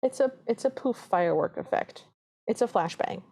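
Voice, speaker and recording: A woman's voice: medium pitch, moderate pace, slightly rough. A woman co-hosting a podcast, chatting casually as she retells scenes and acts out the characters' lines. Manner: animated storyteller, acts out quoted lines. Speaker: podcast co-host. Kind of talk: casual chat recapping a film.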